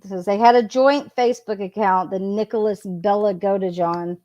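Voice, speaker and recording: A woman reading text messages aloud and adding casual commentary, in an unhurried, plain delivery. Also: mid-range voice, steady tone, dark tone, lo-fi sound. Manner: unhurried, reads quotes in a plain voice. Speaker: true crime commentator.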